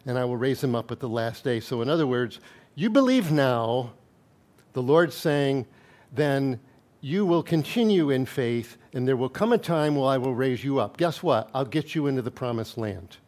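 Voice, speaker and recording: A man's voice: mid-range voice, darkish tone. A male pastor preaching a sermon in a conversational way, reading scripture aloud with asides and light chuckles.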